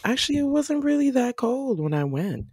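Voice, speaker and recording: A woman chatting casually on a podcast, an animated storyteller who acts out her own reactions. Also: sits high, normal speed, breathy edge, no echo, clean studio sound. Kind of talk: casual chat.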